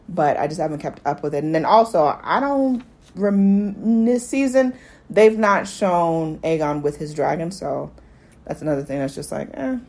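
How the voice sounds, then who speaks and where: A woman hosting a podcast, recapping a TV episode in loose, chatty talk and now and then playing out quick quoted lines. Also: deep voice. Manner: chatty and animated, jumps into quick acted quotes of characters. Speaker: podcast host. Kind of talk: casual TV recap chat.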